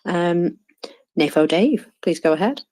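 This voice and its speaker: A woman's voice: on the low side, expressive, a little slow, warm tone. A woman hosting a casual online audio chat, chatty and searching for words. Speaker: host.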